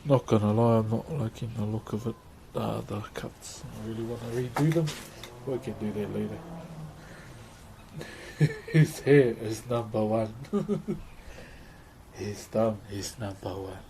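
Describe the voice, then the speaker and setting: A man's voice: on the low side, measured pace, long pauses, dark tone, slight background noise. A man with a New Zealand accent chatting casually on a livestream while woodcarving, laid-back and laughing often as he greets his chat.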